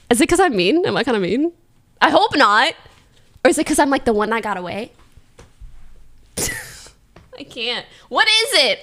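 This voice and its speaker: A woman's voice: high-pitched, sharp tone. A young adult woman livestreamer chatting casually with her viewers, giggly and slangy, laughing often. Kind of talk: casual chat to a live stream.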